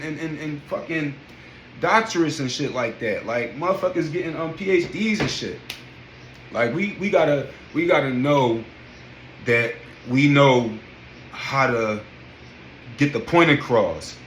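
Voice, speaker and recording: A man in his thirties telling a story in an emphatic, profane, animated casual rant. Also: on the high side. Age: 30s. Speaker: vlogger. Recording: echoey room with faint noise.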